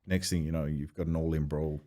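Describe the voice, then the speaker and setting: A man, telling swearing, animated anecdotes as a podcast guest. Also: rumbling low, a little fast. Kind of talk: casual storytelling chat.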